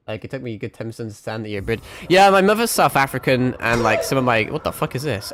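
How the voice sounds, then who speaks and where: A man's voice: mid-range voice, animated, fairly quick, fairly bright tone, slight background noise. A man born in Britain, streaming a game, chatting in a rambling, sweary, self-mocking way. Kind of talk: casual gameplay commentary.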